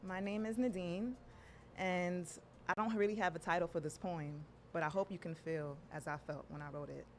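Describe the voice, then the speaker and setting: A woman from New York performing a spoken word poem at an open mic, with measured, rhythmic delivery. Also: lowish voice, fairly even intonation, slight background noise. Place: live poetry venue.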